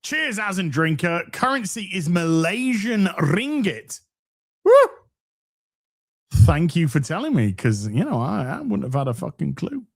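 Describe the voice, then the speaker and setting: A man's voice: high voice, sing-song, moderate pace, vocal fry, few pauses. An English man co-hosting a podcast, reading out donations in a casual, sweary and jokey way. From England.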